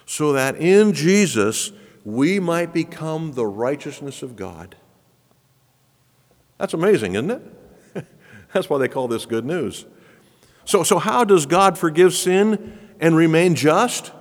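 A man preaching a sermon with an emphatic, rising and falling cadence, explaining scripture to a congregation. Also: fairly high pitch. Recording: long reverb of a large hall.

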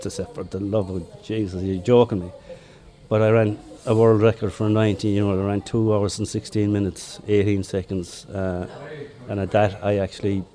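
An older man with a Limerick Irish accent recalls old races in an easy, chatty way. His voice sits low and mellow, with a dark, soft tone. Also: fairly even intonation, normal speed. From Ireland. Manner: chatty anecdotes with chuckles. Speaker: interviewee, former marathon runner. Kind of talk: relaxed storytelling.

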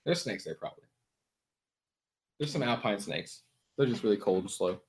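A man's voice: fairly low pitch, lively intonation, normal speed. A man co-hosting a podcast, blunt and sarcastic in casual chat, swearing now and then. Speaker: podcast co-host.

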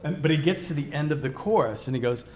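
A middle-aged man preaching a conversational sermon. He tells stories with digressions, and he swings from loud emphasis to quiet asides. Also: a little high, animated, quick pace, slight background noise. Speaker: pastor.

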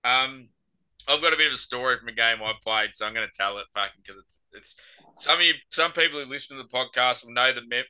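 A man's voice: mid-range voice, pushed and bright, clear, resonant tone, rough recording. A young Australian man on a podcast, telling a rambling story full of swearing. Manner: swears freely, rambling anecdotal delivery. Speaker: podcast host. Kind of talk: casual storytelling chat.

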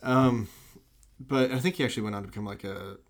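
A man's voice: mid-range voice, quick pace. A man in casual film chat, rambling and enthusiastic, full of "like" and restarts.

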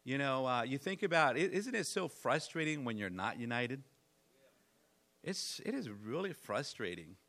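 A man's voice: medium pitch, sing-song, moderate pace, fairly bright tone. A middle-aged man preaching conversationally to his congregation, rambling and repeating himself, building in intensity. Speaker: pastor. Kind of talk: sermon.

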